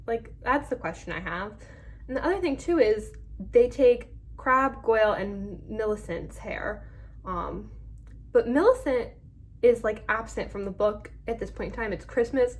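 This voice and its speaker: A young woman reviewing a book for her vlog. She talks casually and chattily, filling pauses with 'um' and 'like', at a medium pitch for a woman. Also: poor audio. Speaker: book club vlogger.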